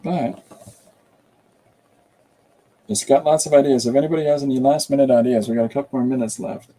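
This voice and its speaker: A man's voice: mid-range voice, fairly even intonation, a little fast, dark tone, low-quality recording. A man streaming a comic drawing tutorial, rambling casually and chatting with viewers and a pet as he draws.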